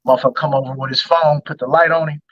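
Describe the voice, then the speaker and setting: A man hosting a casual chat and telling animated, slang-heavy stories, acting out the people he quotes. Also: fairly high pitch, very fast, no room sound. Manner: animated storytelling, slangy and profane, acts out quoted voices. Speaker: host. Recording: dull, lo-fi stream audio.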